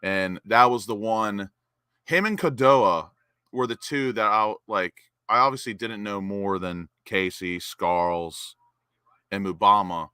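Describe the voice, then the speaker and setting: A young man hosts a live football watch-along stream. His voice is bright and forward, and the sound is close and dry. He chats with viewers, then bursts into excitement whenever the play picks up. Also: on the low side, a little slow, smooth, no echo. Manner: excitable, reads chat names and cheers goals.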